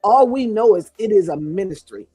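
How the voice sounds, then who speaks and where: A woman's voice: medium pitch, animated, moderate pace, dark tone, breathy edge, dry recording, faint music behind. An older woman guest speaking with fervent, sermon-like cadence, encouraging mothers. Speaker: guest co-author. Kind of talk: preaching-style encouragement.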